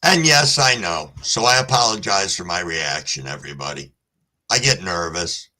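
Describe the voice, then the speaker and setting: A man's voice: low voice, lively intonation, normal speed, bright, forceful tone. A man hosting a casual live stream, talking in a laid-back, profane and apologetic way. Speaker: livestream host. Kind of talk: casual livestream chat.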